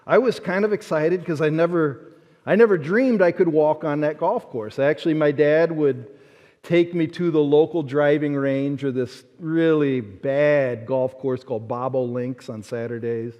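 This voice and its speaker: A man preaching a sermon, telling a personal story and acting out the people in it in an animated way. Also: fairly high pitch, measured pace. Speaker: pastor. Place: large church sanctuary. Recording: dull-sounding sermon audio with long hall reverb.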